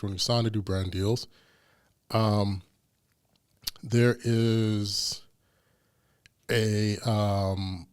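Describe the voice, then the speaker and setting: A man hosting a casual podcast chat, telling stories and acting out the voices of the people in them. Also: lowish voice. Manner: animated storyteller, acts out quoted voices. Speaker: podcast host.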